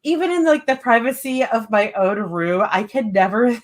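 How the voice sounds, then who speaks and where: A woman's voice: a little high, animated, normal speed. Giggly woman hosting a live stream. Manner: chatty, giggly, rambling with many fillers. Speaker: writing sprint stream host. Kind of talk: casual live-stream chat.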